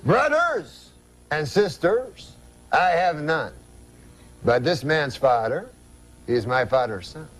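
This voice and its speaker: A man voicing an excitable middle-aged French-Canadian uncle in a thick put-on French accent. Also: high voice, quick pace, hardly any pauses, voice pushed up. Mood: excited. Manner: eager, breathless, heavy French accent put on.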